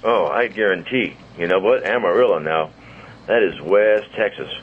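A man in his sixties chats as the host of a radio talk show, his voice sitting low. He tells stories in a loose, rambling way. The sound is a bit dull, with faint hiss behind it. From St. Louis. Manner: chatty storyteller, quick asides. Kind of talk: casual radio chat. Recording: muffled studio audio with faint hiss.

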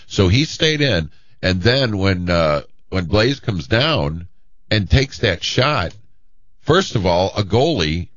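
A man co-hosting a sports radio show, speaking in a halting way and repeating himself. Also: low voice, sing-song, fairly bright tone, dry recording, muffled recording. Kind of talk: casual sports radio chat.

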